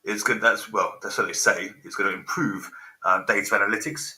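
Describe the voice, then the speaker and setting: A man in his forties hosts a live stream, rambling, swearing freely and getting distracted by technical snags. His voice sits lowish but sounds piercingly sharp and tense. It rings in an echoey room. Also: fairly quick. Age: 40s. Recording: roomy echo.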